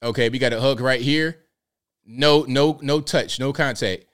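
A man at a desk mic hosting a live stream, his pitch sitting in an ordinary middle range. He jokes around in loose, slangy talk, calling out to his viewers as he clicks through clips. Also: unhurried, clear, resonant tone. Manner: joking, animated, talks to viewers, slangy. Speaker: show host. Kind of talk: casual live-stream commentary.

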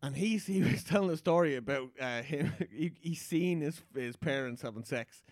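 Brief: male podcast co-host, slightly high voice, dry close mic, animated and laughing, crude humor. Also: moderate pace, no room sound. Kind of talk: casual banter, storytelling.

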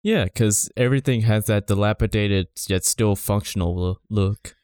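A man's voice: on the low side, normal speed, a little mellow, clear, resonant tone, dry recording, clean studio sound. A man in casual podcast chat, joking dryly and adding short interjections.

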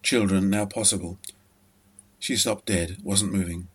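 A man narrating a story in a measured, even manner. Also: low-pitched, slightly rough.

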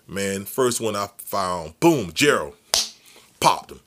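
Guy hosting a podcast, low-key slangy storytelling, lowish voice. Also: very animated, takes it slowly, a bit bright, a little hiss or hum. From Miami, Florida. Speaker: podcast host. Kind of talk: casual storytelling.

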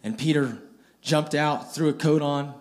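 A man's voice: a little high, a little slow, darkish tone. A man preaching a storytelling sermon, retelling scripture in plain everyday speech and often repeating and restarting his phrases.

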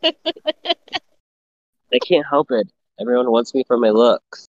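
A man's voice: mid-range voice, unhurried, no room sound. A young man in casual crude chat, telling stories and mocking himself. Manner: storytelling, self-mocking. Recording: dull lo-fi sound, faint noise.

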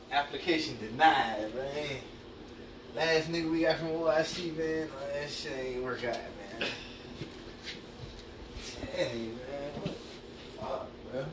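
A man's voice: fairly high pitch, slow pace, pauses often. A man trading profane, laughing stories with coworkers about work at a bus depot. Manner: animated, profane, laughing storyteller. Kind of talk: casual banter among coworkers. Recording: echoey room, distant mic, background noise.

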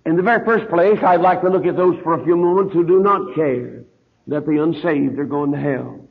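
A man preaching a sermon in a church, who slows and drops into a heavy hush on his key words. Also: fairly high pitch, gravelly. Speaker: pastor. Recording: tinny lo-fi archive tape.

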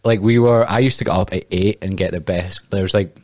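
A man's voice: low voice, steady tone, fairly quick, darkish tone, no room sound. A young Glaswegian man, a podcast guest, telling rambling, sweary stories with plenty of laughs. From Scotland. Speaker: podcast guest, personal trainer. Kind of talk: casual podcast chat.

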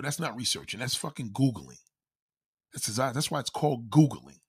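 A man ranting in a loud, profane, comedic style, constantly swearing and acting out quoted voices. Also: medium pitch, big pitch swings, moderate pace, husky.

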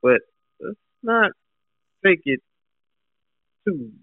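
A man with a slightly high voice speaks calmly and hesitantly over a dull, lo-fi phone line. He keeps trying to cool things down. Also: drawn-out words, no room sound. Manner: calm, hesitant, placating. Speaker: guest on phone call.

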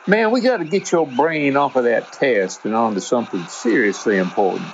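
A man voicing a cocky young male pitcher with a slow Southern US drawl, brash and teasing. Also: lively intonation, creaky, a little hiss or hum. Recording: dull lo-fi with faint music.

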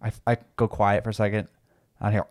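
A man's voice: on the low side, level tone, brisk, a little mellow, no echo, clean studio sound. A man in his twenties hosting a podcast, telling a profane story in a loose, laughing chat. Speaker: podcast host.

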